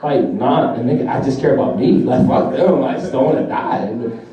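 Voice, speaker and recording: A man's voice: mid-range voice, a little fast, mellow, muffled recording. A young man performing a profane, laughing stand-up comedy routine. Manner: brash, profane, laughing through jokes. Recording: echoey room from far off.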